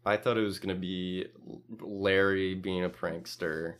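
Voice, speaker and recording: A man's voice: fairly even intonation, unhurried. Laughing young man co-hosting a recap. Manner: laughs often, quotes characters in a loud high voice. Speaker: podcast co-host. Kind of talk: casual chat recapping an episode.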